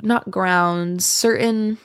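A woman's voice: mid-range voice, steady tone, drawn-out words, no room sound, clean studio sound. A young woman telling a candid storytime to her viewers, rambling and swearing freely. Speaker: vlogger. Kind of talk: casual storytime monologue.

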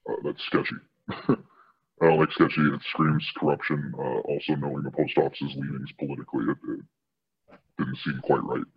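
A man working as a postal worker, answering interview questions in a measured, matter-of-fact way. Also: extremely low pitch, level tone, slightly rough. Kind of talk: undercover-style interview answers. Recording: dull lo-fi video clip.

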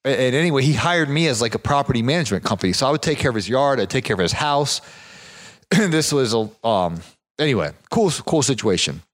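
A man of ordinary pitch tells a meandering story in a relaxed, conversational way. He pads his sentences with fillers and restarts as he goes. His voice goes lively whenever he quotes someone else. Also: a little fast. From southeastern United States. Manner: rambling, with frequent fillers and restarts; animated when quoting others. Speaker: property management business owner. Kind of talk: casual anecdote telling.

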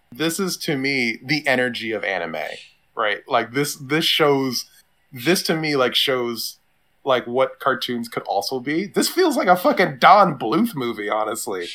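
A man co-hosting a podcast in casual chat, animated, swearing freely and often restarting his sentences. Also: medium pitch, measured pace. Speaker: podcast co-host.

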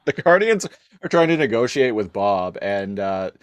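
A man's voice: lowish voice, very animated, moderate pace, no echo. Dry-voiced man chatting casually. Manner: hesitant, many fillers and restarts, laughs often. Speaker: podcast co-host. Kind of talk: casual chat.

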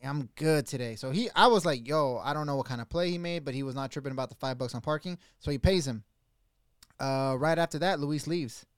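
A man co-hosting a podcast, telling stories in casual chat and acting out other people's outbursts loudly. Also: fairly high pitch, a little fast, clear, resonant tone, dry recording, studio quality. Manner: animated storyteller, acts out others' outbursts loudly. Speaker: podcast co-host. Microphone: studio mic.

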